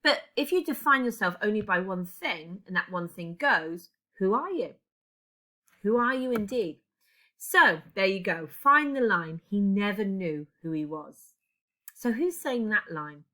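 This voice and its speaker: A woman's voice: mid-range voice, animated, unhurried, sharp tone. A woman English teacher recording a lesson, guiding students step by step with reflective questions.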